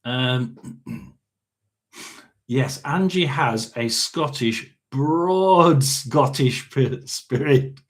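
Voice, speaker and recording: A middle-aged man reads tarot cards in a casual session. He talks slowly at a mid pitch. He rambles and halts, with plenty of ums and throat clearing between thoughts. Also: expressive. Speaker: tarot and spirit box reader. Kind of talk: casual livestream reading.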